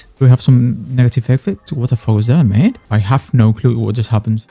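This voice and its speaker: A man's voice: medium pitch, a little fast, hardly any pauses, dark tone, soft background music. A young man giving frustrated, sarcastic gameplay commentary, swearing often. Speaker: gaming YouTuber.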